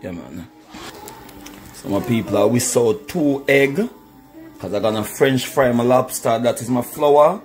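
A man's voice: medium pitch, measured pace, pauses often, darkish tone, faint music behind, low-quality recording. A man demonstrating home cooking, chatting to his viewers and calling them "my people" throughout. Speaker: cooking vlogger. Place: home kitchen.

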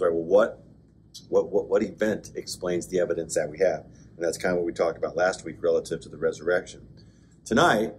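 A man, a pastor, giving a conversational Bible class lecture, with joking asides and bursts of excited emphasis. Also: low-pitched, a little hiss or hum. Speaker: pastor teaching an adult class. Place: church classroom.

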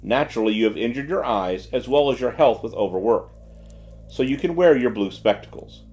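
A man's voice: mid-range voice, animated, fairly quick, darkish tone, close to an everyday voice. A man voicing a sarcastic, stern detective chief giving orders in a dry, businesslike way.

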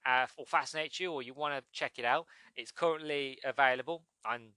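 A British man hosting his own podcast in an easygoing, rambling way, often stopping to fix his words. His voice is bright and forward. The sound is dry and close to the mic. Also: medium pitch, brisk, clean tone, dry recording. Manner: rambling, self-correcting, chuckles at himself. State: recovering from a cold. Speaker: podcast host. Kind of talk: casual solo podcast chat.

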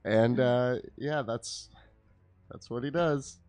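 A man's voice: mid-range voice, slow pace, darkish tone, dry recording, soft background music. A man playing a tabletop game, hesitant and self-mocking as he describes his character's turn. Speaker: player. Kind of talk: casual tabletop game play.

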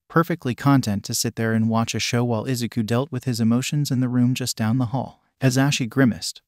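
A man reads a story aloud in an even, measured way at a middle pitch. His voice is close and dry, with no room sound around it. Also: dry recording. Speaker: narrator. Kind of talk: scripted story narration.

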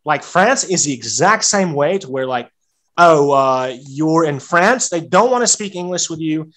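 A man's voice: a little high, expressive, unhurried, a bit bright. American man, rambling with many restarts. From United States. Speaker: guest, serving legionnaire. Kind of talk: casual podcast conversation.

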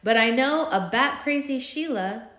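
A woman's voice: high voice, animated, unhurried, fairly bright tone, echoey room, voice pushed up. A woman voicing a cocky, sarcastic young male hero who leads his team.

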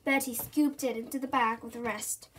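A woman reading a children's storybook aloud in an animated, expressive way. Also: a little high, normal speed, noisy background. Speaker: storybook reader.

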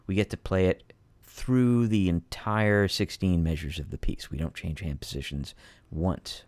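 Low-voiced patient male piano teacher. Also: darkish tone, no room sound. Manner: patient, methodical, emphatic explanations. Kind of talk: explaining a piano piece to students.

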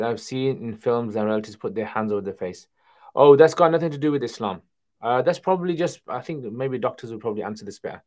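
A man hosting a casual livestream Q&A, reading viewer questions aloud and answering them in a relaxed conversational way. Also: mid-range voice. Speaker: Islamic Q&A livestream host.

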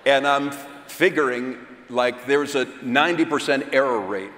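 A man giving a seminar talk at a church conference, speaking slowly and with self-deprecating humor. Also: medium pitch, a bit bright. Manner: slow, unhurried delivery; self-deprecating, chuckles between points. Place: large hall at a church conference. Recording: echoey hall with long reverb.

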